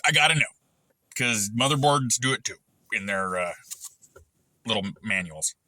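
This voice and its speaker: A man's voice: on the low side, animated, normal speed, bright, forceful tone, dry recording. A middle-aged man and machinist vlogger rambling in a crude, profane monologue, swearing constantly and jumping from one tangent to the next.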